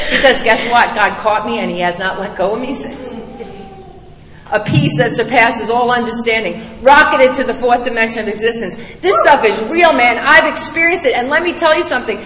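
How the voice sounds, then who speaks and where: A middle-aged woman tells her recovery story to a meeting in a blunt, salty, emphatic way. Her voice is fairly high and sharp. It rings through a roomy hall with a long echo. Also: a little hiss or hum. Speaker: speaker sharing a recovery story. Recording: echoey hall with long reverb.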